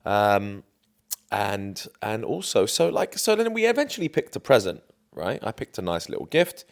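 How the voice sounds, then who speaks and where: A young man talks straight to camera, casual and self-assured. His voice sits low, and the story tumbles out in loose, filler-heavy sentences. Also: very animated, moderate pace, creaky. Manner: chatty, confident, lots of fillers. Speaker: dating coach.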